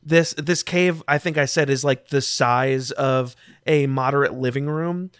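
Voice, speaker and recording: A laid-back male game master describes the scene in an easy, meandering way, full of "uh" and "like." His voice sits at a middling pitch and sounds dry and close, with little room sound. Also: a little slow, clear, resonant tone, no echo. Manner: relaxed, filler-heavy. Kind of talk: narrating a tabletop game.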